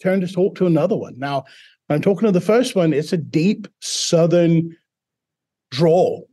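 Husky higher-voiced man telling a story. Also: moderate pace. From Mississippi, US. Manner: relaxed, anecdotal, self-deprecating. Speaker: teacher and guest. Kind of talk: personal storytelling interview.

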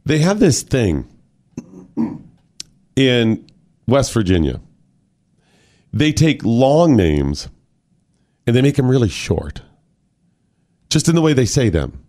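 A man hosting a morning radio talk show, chatting casually and telling stories with animated, drawn-out words. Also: medium pitch. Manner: animated storyteller, stretches words for effect. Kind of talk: casual chat.

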